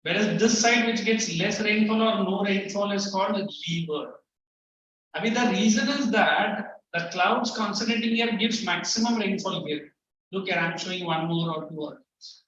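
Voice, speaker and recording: Recorded from a distance in a classroom, a man speaks in a high register with a fairly bright tone and normal speed. He teaches in Indian-accented English mixed with Hindi, handling students firmly. The sound is echoey, muffled and faintly noisy.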